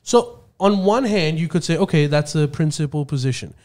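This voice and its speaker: A man co-hosting a podcast, explaining politics in a halting, filler-heavy way. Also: on the high side, lively intonation, darkish tone. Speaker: podcast co-host.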